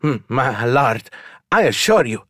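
A man's voice: mid-range voice, big pitch swings, unhurried, fairly bright tone, dry recording, studio quality, voice pushed up. A man voicing a foppish, haughty young man who turns stammering and fawning. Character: foppish pretty man, bored then groveling.

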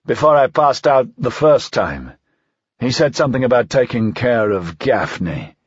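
Man playing a dying bitter man, slow slurred speech, lively swings in pitch, dry close sound. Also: slightly rough, no echo, muffled recording. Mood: fading. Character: dying male conspirator, bitter and defiant. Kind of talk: audiobook character voice.

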